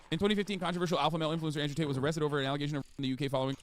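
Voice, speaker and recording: A man reading news articles aloud and reacting, incredulous and excitable, in slangy casual speech. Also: fairly high pitch, rapid-fire, hardly any pauses, no echo. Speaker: streamer commentator.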